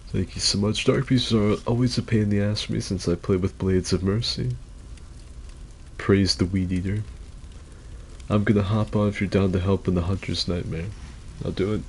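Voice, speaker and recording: A man's voice: fairly low pitch, fairly even intonation, moderate pace, darkish tone, a little hiss or hum. A man rambling casually as he comments on his own gameplay, with loose filler-heavy talk and swearing. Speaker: gaming streamer.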